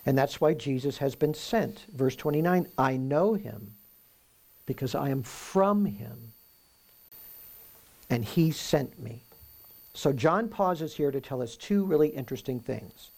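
A man preaching through a Bible passage in a conversational way, often checking in with "right?" and reading the verses slowly with emphasis. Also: mid-range voice, animated, a little mellow. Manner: reads scripture aloud slowly and with emphasis. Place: room with a live audience.

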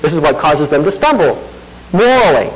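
A middle-aged male pastor preaches conversationally, posing rhetorical questions to the congregation and occasionally laughing at himself. His voice is fairly high and sing-song at a moderate pace, and the audio is poor.

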